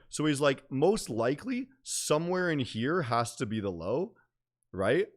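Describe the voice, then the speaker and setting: A man's voice: medium pitch, big pitch swings, measured pace. A young man streaming about day trading in casual chat, rambling with lots of fillers and slang.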